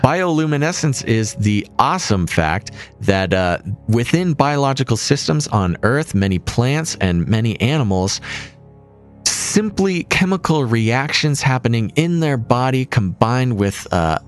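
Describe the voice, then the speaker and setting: A man's voice: mid-range voice, very animated, measured pace, faint music behind. A man co-hosting a podcast, explaining science topics in a playful, jokey way. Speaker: podcast co-host. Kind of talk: casual podcast chat.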